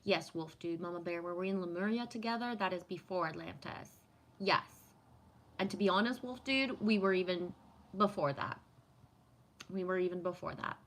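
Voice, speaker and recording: A woman's voice: lowish voice, moderate pace. A woman hosting a livestream who chats casually, reads viewer comments aloud and muses on spiritual topics, often adding "right?". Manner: warm, affirming, spiritual musing with frequent "right?". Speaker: livestream host answering chat.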